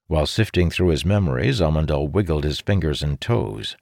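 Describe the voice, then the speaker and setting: Deep, gravelly man narrating. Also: fairly quick, darkish tone, no room sound, studio quality. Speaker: audiobook narrator. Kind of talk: scripted narration.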